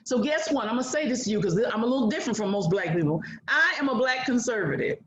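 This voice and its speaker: A woman's voice: on the high side, lively intonation, fast talker. Bold older woman speaking in an echoey room. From United States. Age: 60s. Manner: bold, preacher-like, mimics others. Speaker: guest speaker. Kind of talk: motivational speech.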